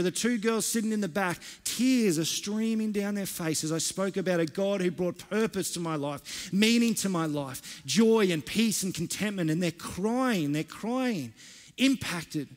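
A man's voice: high-pitched, moderate pace. A man preaching a sermon, telling stories conversationally with frequent restarts. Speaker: pastor. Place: church hall. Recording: long echo of a church hall.

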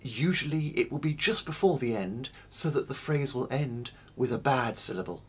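A man teaching early music in a slow, deliberate spoken lecture, stressing single words and pausing between them. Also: medium pitch, a bit bright, slight background noise.

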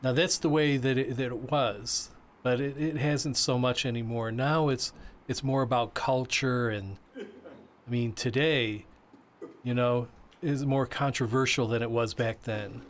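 A man voicing a signer's interview answers as interpreter, halting with frequent restarts and repeated words. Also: mid-range voice, fairly even intonation.

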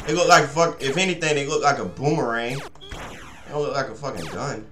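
Frustrated and swearing constantly, a young gaming host rambles at his audience during a let's play. His voice is medium in pitch with a sharp tone and normal pace, in an echoey room with a little hiss or hum.

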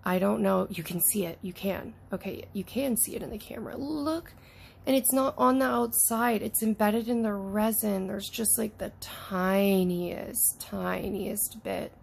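Woman, toy unboxer: excitable, gushing, slips into whispers, gravelly fry, mid pitch. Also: measured pace, a little hiss or hum. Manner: gushing, excitable, talks to the toys, drops into soft whispers. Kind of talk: casual unboxing chat.

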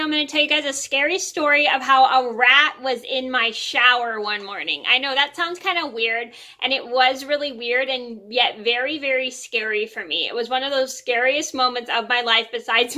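A woman's voice: a little high, sharp tone. A young woman vlogger telling a story to camera in a chatty, rambling way, full of ums and restarts.

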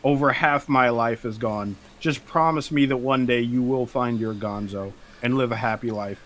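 A man's voice: medium pitch, moderate pace, a bit bright, slight background noise. A man in his thirties streaming, chatting casually with his audience and telling joking mock-serious stories. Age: 30s. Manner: playful, mock-serious, acts out silly scenes.

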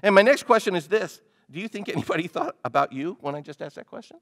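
Animated male pastor preaching. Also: sits high, fast. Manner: animated, asks the congregation questions. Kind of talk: sermon.

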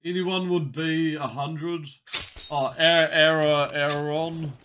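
A man streams a game, slow and unhurried in his wry, chatty remarks. His voice sits a little high and sounds bright. Faint keyboard clicks and typing come through his desk mic. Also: fairly even intonation, background noise. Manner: wry, chatty reactions while playing. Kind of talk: casual live gameplay commentary.

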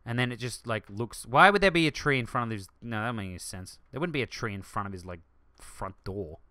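A man hosting a let's play, rambling excitedly through gaming commentary and jumping to shouts. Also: fairly low pitch, fairly quick, dry recording.

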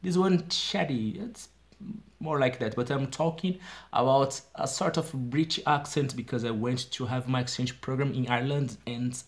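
A Brazilian man in his thirties, with a Brazilian Portuguese accent, chattily explaining English words in a casual video diary and often checking in with "okay?". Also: mid-range voice. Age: 30s. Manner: chatty, self-deprecating, frequent "okay?" checks. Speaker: English learner vlogger.

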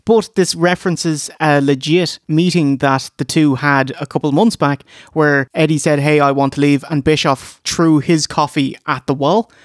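A man's voice: fairly high pitch, fairly even intonation, no room sound, clean studio sound. A man co-hosting a podcast, recapping wrestling in a jokey way with frequent laughs. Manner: jokey, laughs often, quick asides. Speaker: podcast co-host. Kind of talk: casual recap commentary.

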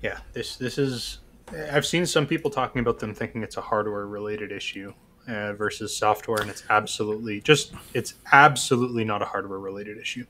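A man with a fairly low voice co-hosts a relaxed podcast. He explains things steadily and reasonably, with frequent ums. The tone stays conversational throughout. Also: a little hiss or hum. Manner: measured, explanatory. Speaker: co-host. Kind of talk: casual podcast chat.

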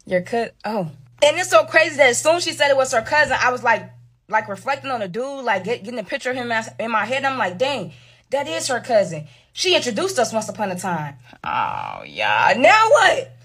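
A woman's voice: fairly high pitch, lively intonation, fairly quick, a bit bright, husky. A woman reading a dramatic story aloud, full of slang and asides to the viewers.

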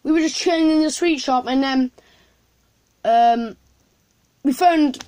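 A woman's voice: sits high, measured pace, warm tone. Rambling woman telling a story. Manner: rambling, many fillers and restarts. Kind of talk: casual storytelling to camera.

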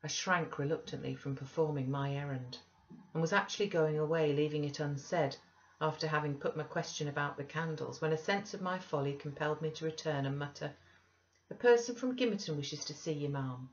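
Low-voiced woman reading a classic novel. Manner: measured, even narration. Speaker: audiobook reader. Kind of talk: classic novel read aloud. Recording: dull lo-fi recording.

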